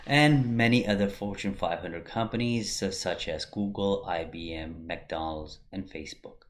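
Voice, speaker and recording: A man teaching an online course, talking through his slides in a plain, steady way with frequent fillers and restarts. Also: deep voice, moderate pace. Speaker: course instructor. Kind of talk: lecture over slides.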